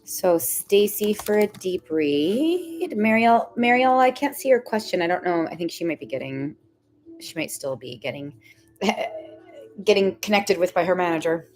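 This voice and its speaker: A woman's voice: lowish voice, lively intonation, a little slow, a little mellow, faint music behind. A young woman giving tarot readings on a casual livestream, chatty and giggly with many fillers. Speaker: tarot reader.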